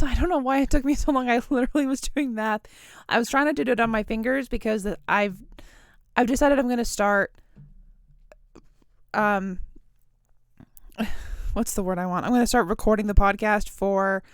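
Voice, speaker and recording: A young woman chats alone into her podcast mic, wandering from thought to thought with little self-mocking giggles. Her voice sits a bit high and sounds smooth and clear, recorded close and dry with no room sound. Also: no room sound. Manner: rambling, giggly, self-deprecating. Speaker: podcast host. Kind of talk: casual solo podcast chat.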